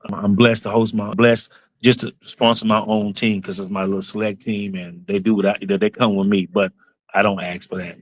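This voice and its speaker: A man's voice: on the low side, level tone, a little fast, no echo, poor audio. A man, a basketball club owner and coach telling his story in an interview, earnest and emotional, going over points again and again.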